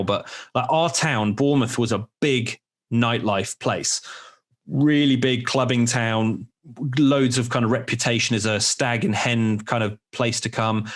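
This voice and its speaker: A man in his forties hosting a podcast, telling candid, rambling stories in casual chat with some swearing. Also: mid-range voice. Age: 40s. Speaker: podcast host.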